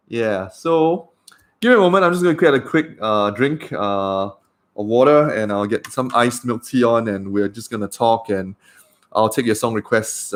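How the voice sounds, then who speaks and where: A man, a doctor chatting casually on a livestream with lots of fillers. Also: on the low side. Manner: chatty and rambling, with many fillers.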